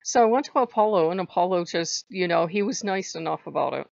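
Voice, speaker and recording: A woman's voice: fairly low pitch, expressive, a little fast, creaky, a little mellow, no echo. A woman hosting a casual spiritual vlog, talking in a rambling, chatty way and swearing now and then. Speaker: channel host. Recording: dull lo-fi dry sound.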